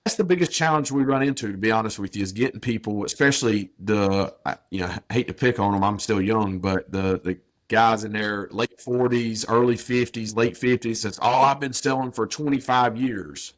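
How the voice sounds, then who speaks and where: A man's voice: fairly low pitch, fairly even intonation, brisk, few pauses. A plainspoken man in his thirties, a business owner talking casually as a podcast guest, repeating points for emphasis. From North Carolina, US.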